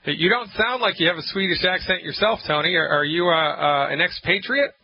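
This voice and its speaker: A man's voice: sits high, fairly quick. A man hosting a call-in health radio show as a naturopath, emphatic and jokey, on a dull lo-fi broadcast. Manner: emphatic, jokey, rants with mock-angry acted quotes.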